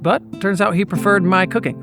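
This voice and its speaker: A man's voice: high voice, steady tone, fairly quick, gravelly, over music. A man narrating his own show in a playful, chatty way, full of asides. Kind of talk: scripted voice-over narration.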